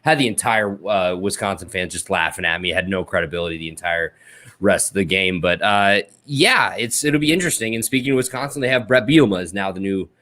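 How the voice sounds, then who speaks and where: A man's voice: sits low, lively intonation, brisk, bright, forceful tone. Laid-back joking podcast host, a man. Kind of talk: casual podcast chat.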